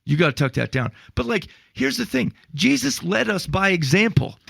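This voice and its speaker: A man's voice: high-pitched, very animated, moderate pace, vocal fry, fairly bright tone, husky, no room sound. A man co-hosting a casual podcast about faith, telling stories with acted-out quotes and exasperated asides. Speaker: podcast co-host.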